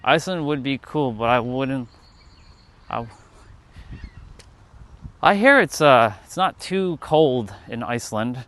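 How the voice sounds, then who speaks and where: Smooth-voiced Canadian man chatting while walking. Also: medium pitch, expressive, a bit bright. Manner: rambling, thinking aloud with pauses and restarts. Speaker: livestream host. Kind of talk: walking livestream chat. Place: outdoors, walking through a city street. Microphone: phone.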